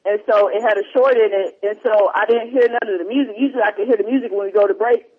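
A man's voice: sits high, fairly even intonation, fast, slightly rough. A man hosting a talk show in casual chat, reading listener emails in a rambling, easily distracted way. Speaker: podcast host. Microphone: headphones, remote line. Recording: dull lo-fi sound.

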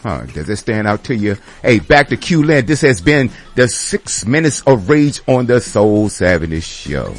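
A man's voice: lowish voice, big pitch swings, unhurried, hardly any pauses, over music. A male radio host delivering an indignant, sarcastic rant with many exclamations. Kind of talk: ranting commentary.

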